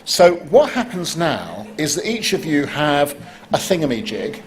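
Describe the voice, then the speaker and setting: A man hosting a live competition, joking wryly and bursting into excited exclamations. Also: on the high side, unhurried. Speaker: competition host. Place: conference stage before an audience.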